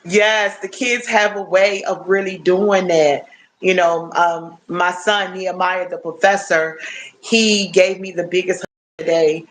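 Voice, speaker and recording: A woman in her fifties chatting casually and warmly to her viewers on a phone livestream, often checking in with "you know what I'm saying?". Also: on the low side, fairly even intonation, a little slow. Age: 50s. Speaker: livestream host.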